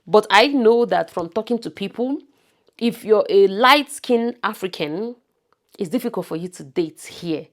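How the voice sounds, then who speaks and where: A woman's voice: medium pitch, animated, a little slow. Woman with a Nigerian accent, emphatic. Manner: emphatic, repeats words for stress. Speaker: vlogger. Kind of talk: casual talk to camera.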